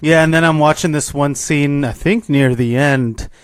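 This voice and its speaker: A man's voice: a little high, normal speed, clear, resonant tone, dry recording. Blunt, swearing man on a dry mic. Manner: blunt, profane, ranting. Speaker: podcast co-host. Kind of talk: casual chat.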